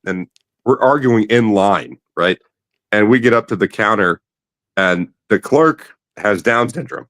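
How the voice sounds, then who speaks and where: Guy, low voice, rambling swear-heavy stories, dry close mic. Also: moderate pace, fairly bright tone, dry recording. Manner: rambling storyteller, swears freely. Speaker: podcast host. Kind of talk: casual late-night chat.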